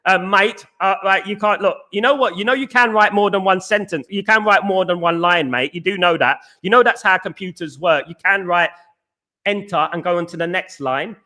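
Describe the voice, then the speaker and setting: His voice sits high, pushed and bright, at a moderate pace. A young English fan channel host, he reads the live chat aloud and argues hotly with commenters, calling each one "mate."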